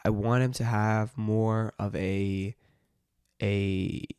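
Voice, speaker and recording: A man with a low, gravelly voice rambles through a casual vlog, restarting his thoughts and leaning on fillers. The recording is dry and close, with little room sound. He talks as a dungeon master would about his game. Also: flat delivery, extremely slow, a little mellow, no echo.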